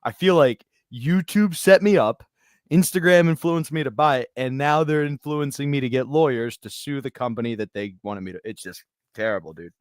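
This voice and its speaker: A man co-hosting a casual podcast, telling an anecdote with dry, deadpan humor. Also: medium pitch, moderate pace, dry recording. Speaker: podcast co-host.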